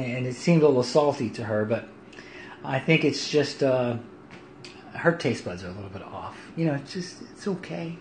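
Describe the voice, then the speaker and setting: A middle-aged man chatting casually on a home livestream, lively and quick to laugh. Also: fairly high pitch. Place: home kitchen. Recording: echoey room, faint hiss.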